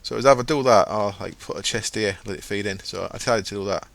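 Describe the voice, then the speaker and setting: A man's voice: on the low side, fast talker, vocal fry, fairly bright tone, no room sound. Chatty man narrating gameplay. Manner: chatty, rambling, self-correcting. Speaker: gaming channel host. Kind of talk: casual gameplay commentary.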